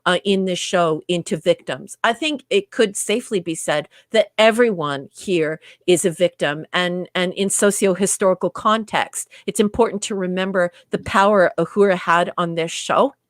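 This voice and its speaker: A woman discussing a TV episode in casual podcast talk, stopping and restarting often and trailing off softly. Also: on the low side, moderate pace, few pauses, dry recording, studio quality. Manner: hesitant, many restarts and fillers, trails off softly. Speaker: guest co-reviewer.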